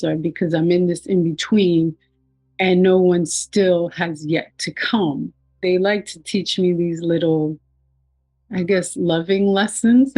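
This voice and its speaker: A woman's voice: on the low side, a little mellow, no room sound, low-quality recording. A woman recounting her near-death experience in a reflective, personal storytelling manner. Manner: reflective, quotes herself and others with raised voice.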